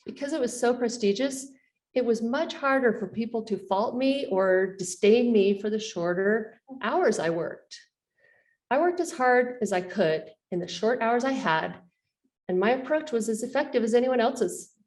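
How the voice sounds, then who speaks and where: A woman's voice: a little high, animated, normal speed, a little mellow, recorded from a distance. A middle-aged woman professor giving a personal lecture, telling her story earnestly with light, self-deprecating humor. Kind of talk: personal faith-and-career lecture. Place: university lecture hall.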